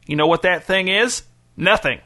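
A man voicing an unhinged old male farmer who shouts with righteous anger, in a blustering drawl. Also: high voice, normal speed, voice pushed up. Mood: ranting. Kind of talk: audiobook character voice.

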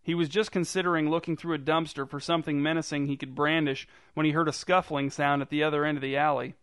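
A man reading a story aloud in a dry, deadpan narrating manner. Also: a little high, fast, clean tone, dry recording. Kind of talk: scripted narration.

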